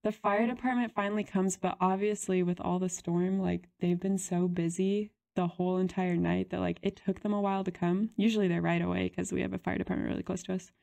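A woman's voice: lowish voice, level tone, fairly quick, gravelly, few pauses, dark tone. A young woman co-hosting a podcast, telling a story in a chatty way with lots of "like" and giggles. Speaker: podcast co-host. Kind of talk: casual storytelling chat.

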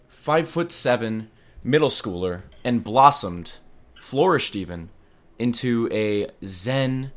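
Young man, podcast host, deadpan, self-deprecating, lowish voice, comedic monologue.

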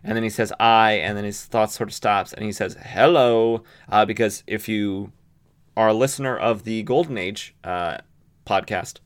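A male podcaster recaps a comic book story in a relaxed, chatty way, peppering his speech with fillers and asides. His voice sits low and sounds smooth and resonant. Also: moderate pace. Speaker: podcast host.

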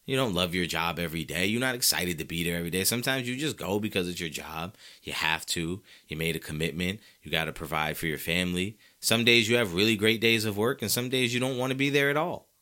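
A man's voice: low voice, fast talker, few pauses, sharp tone. A man hosting a sports talk show, ranting and fired up, hammering his points with emphatic repetition. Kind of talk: opinionated sports commentary.

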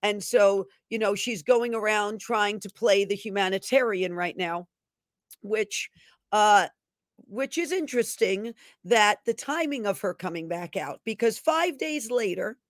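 A woman's voice: mid-range voice, measured pace, no echo. Fervent woman preacher, dry close sound. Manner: fervent commanding prayer, then chatty and upbeat. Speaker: prophetic minister and host. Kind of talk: prayer and prophetic teaching.

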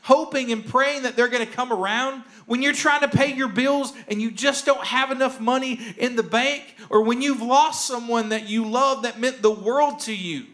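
A male pastor preaching a sermon with earnest emphasis, repeating key phrases and sinking to a soft hush on tender lines. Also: very high voice, moderate pace, few pauses. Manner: jokes lightly with the congregation.

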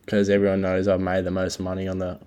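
A young Australian man with a very low voice rambles through his solo podcast. He swears constantly and talks in a loose, laid-back way. The recording is low-quality and homemade. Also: monotone, fast, warm tone. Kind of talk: casual rambling chat.

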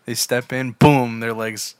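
A young man co-hosting a casual podcast, relaxed and joking, laughing easily. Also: medium pitch, a little slow, background noise. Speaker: podcast co-host. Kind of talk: casual chat.

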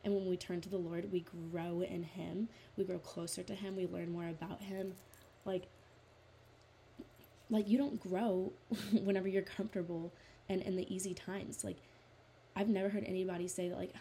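Young woman, low-pitched and earnest, chatty devotional speaker with a faint hiss behind her. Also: gravelly, mellow. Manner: earnest, chatty, full of "like" fillers; reads scripture aloud in a steadier voice. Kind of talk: casual Bible study talk.

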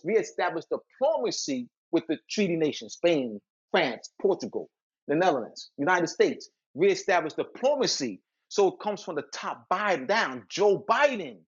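Man with a high voice who lectures forcefully and repeats points, on dull lo-fi audio. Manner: emphatic and repetitive, restarts phrases. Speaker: guest author. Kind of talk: lecturing interview talk.

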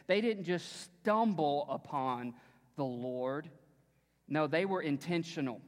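A pastor, his voice sitting a little high for a man, preaches in a church sanctuary where long reverb trails after each phrase. He moves from easy, conversational storytelling to rising, emphatic declarations. On key phrases he drops to a hushed near-whisper. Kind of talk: sermon.

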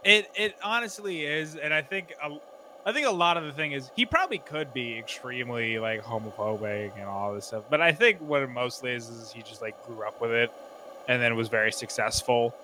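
A man talks in loose comic banter, his voice bright and forceful. He rambles through filler words and jumps into goofy impressions, with a faint hiss in the background. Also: medium pitch, a little fast. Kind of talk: casual comedic chat.

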